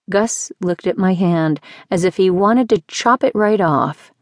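A woman narrating a first-person audiobook in a measured, even storytelling manner, recorded in a studio. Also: mid-range voice, dry recording.

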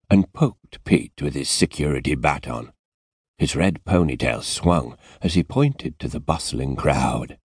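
Very deep, slow male audiobook narrator. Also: husky, no room sound, clean studio sound. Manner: unhurried, expressive storytelling. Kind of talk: scripted narration.

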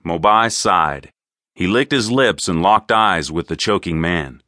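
A man narrating an audiobook in an expressive, crisp storytelling manner. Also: low-pitched, a little slow, dry recording, studio quality. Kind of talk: scripted narration.

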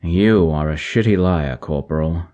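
A man's voice: deep voice, measured pace, warm tone, muffled recording. A man playing a blunt, dry-humored military major in an audiobook. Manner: dry, commanding.

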